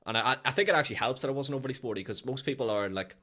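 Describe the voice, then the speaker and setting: A man's voice: mid-range voice, racing, sharp tone. A young man, a personal trainer, chatting frankly on a podcast and often saying "you know what I mean". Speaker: personal trainer and business owner. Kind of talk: casual podcast chat.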